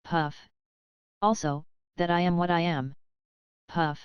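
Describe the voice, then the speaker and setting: A woman reading the lines of a composed, strong former soldier in a storybook, speaking calmly and bluntly. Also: on the low side, normal speed, clean tone, dry recording, muffled recording, close to an everyday voice. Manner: calm, blunt, steady. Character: gruff composed old soldier, big and strong.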